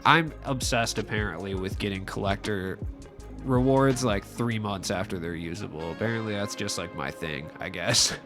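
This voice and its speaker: A man's voice: fairly low pitch, normal speed, over music. A young man talking through a gaming video with a nasal, allergy-stuffed voice, rambling and poking fun at himself. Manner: rambling and self-mocking, with frequent likes. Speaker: gaming YouTuber. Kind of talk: casual gaming commentary. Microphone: voice-over without face cam.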